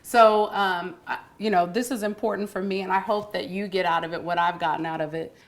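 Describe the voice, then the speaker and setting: A woman's voice: fairly low pitch, fairly even intonation, fairly quick. An American woman hosting a talk show interview, earnest and affirming, often repeating words of encouragement. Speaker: host. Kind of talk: warm conversational interview.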